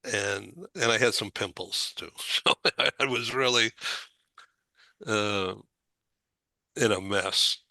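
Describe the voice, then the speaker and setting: An older man hosting a talk show, telling a personal story in a halting way, with stumbles, fillers and small laughs. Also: on the low side, sharp tone, dry recording. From Boston area.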